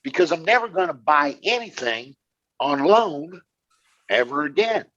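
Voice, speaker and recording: A man's voice: fairly high pitch, very animated, measured pace, pushed and bright. A middle-aged man co-hosting a podcast, talking in a blunt, profane way and often restarting his sentences. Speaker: podcast co-host. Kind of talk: casual chat. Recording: slightly dull lo-fi sound.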